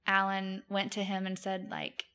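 A woman's voice: mid-range voice, fairly even intonation, moderate pace, vocal fry, bright, forceful tone. A woman, telling stories as a podcast guest, chatty with many fillers and frequent laughs. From Mobile, Alabama, US. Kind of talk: casual chat.

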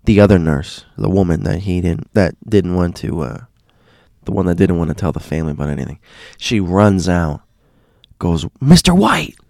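A man hosting a show, telling a story in a casual, halting way, often repeating words and dropping to a hushed voice. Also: low-pitched, creaky, no room sound, studio quality. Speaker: host.

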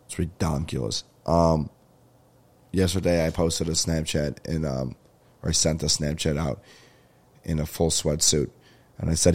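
A comedy podcast host talks a little fast in a rumbling low, darkish voice with fairly even intonation, sounding stuffy and nasal. His casual monologue meanders, full of jokes and swearing.

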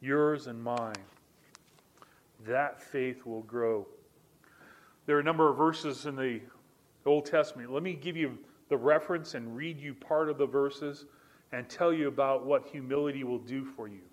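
A man's voice: medium pitch, normal speed. A middle-aged male pastor preaching a sermon in an earnest way, repeating key lines for emphasis.

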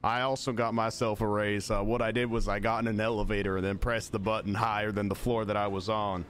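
A man putting on a Southern US drawl, playing a dim-witted country man who jokes slowly and deadpan. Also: fairly low pitch, clean tone, natural voice. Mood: joking. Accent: Southern US drawl, put on. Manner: slow deadpan joking.

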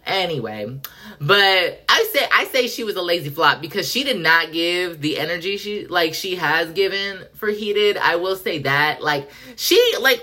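A woman's voice: on the low side, sharp tone. A woman hosting a podcast in casual pop culture chat, effusive and profane, acting out quotes dramatically. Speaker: podcast host.

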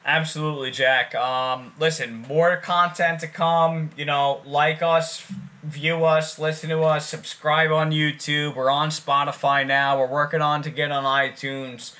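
A man's voice: a little high, level tone, unhurried, pushed and bright. A man co-hosting a casual sports podcast, talking loosely, swearing and repeating himself. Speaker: podcast co-host.

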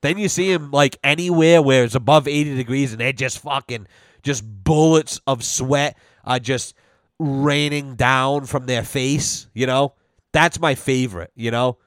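A man's voice: mid-range voice, unhurried, dry recording, clean studio sound. A man ranting bluntly and sarcastically as a podcast host, swearing constantly. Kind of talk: casual profane rant.

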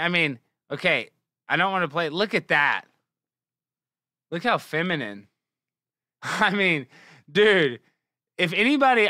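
A young adult man hosting a show, giving mocking, sarcastic commentary that swings from low muttering to loud exclamations. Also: dry recording, clean studio sound. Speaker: show host.

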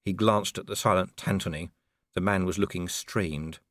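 A man narrating a novel in a wry, expressive reading style. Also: low voice, moderate pace, no echo, clean studio sound. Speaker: audiobook narrator. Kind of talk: scripted narration.

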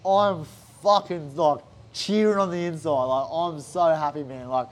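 An Australian man retells his story in a loose, animated way, scattering "like" and swear words. His voice sits a little high for a man. Faint noise runs underneath. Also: moderate pace. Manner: animated, swears often, heavy use of "like". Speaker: interview guest, fighter. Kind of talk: casual storytelling chat.

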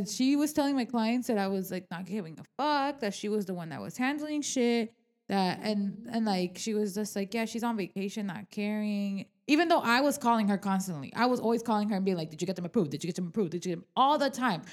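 A young adult woman with a medium-pitched voice co-hosts a casual podcast, talking candidly about her work as a real estate agent. She's animated, swears often, leans on filler words, and acts out what people said to her.

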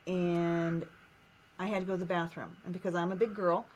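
A woman's voice: on the low side, flat delivery, normal speed, a little mellow, a little hiss or hum. A woman from the United States, a guest telling a painful childhood memory in short, repeated, emotional phrases. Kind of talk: personal storytelling in a coaching session.

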